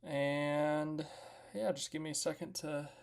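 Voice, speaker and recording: A man's voice: on the high side, fairly even intonation, slow pace, gravelly. A young man hosting a casual live stream, chatting and joking as he recaps racing and greets viewers by name. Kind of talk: casual motorsport recap chat.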